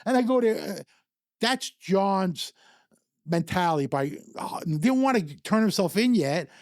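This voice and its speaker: A man's voice: high-pitched, expressive, unhurried, darkish tone, no room sound, studio quality. An older man from the New York area telling stories casually, rambling with restarts and chuckles. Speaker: storyteller guest. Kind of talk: casual storytelling.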